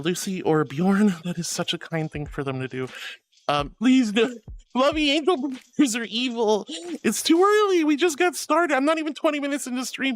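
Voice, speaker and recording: A woman live streamer chatting with her viewers, gushing, flustered and laughing often as she thanks them. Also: medium pitch.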